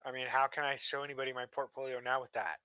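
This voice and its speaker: Bright-voiced swearing young man. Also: mid-range voice, completely flat delivery, racing, clean tone, no room sound, dull audio. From Montana. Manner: swearing, rambling storyteller. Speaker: livestream host. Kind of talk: casual crypto chat with friends.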